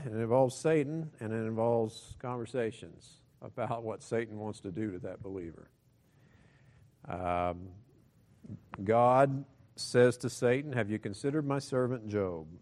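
Male preacher, mid-pitched, conversational sermon with joking asides, booming scripture readings. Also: a little mellow. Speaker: pastor.

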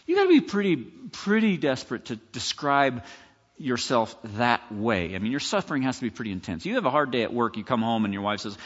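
A man's voice: mid-range voice, very animated, fast talker. A pastor giving a sermon in a conversational, emphatic way, often acting out the words he quotes. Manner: conversational preaching, emphatic, acts out scripture quotes. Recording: dull lo-fi recording with long hall reverb.

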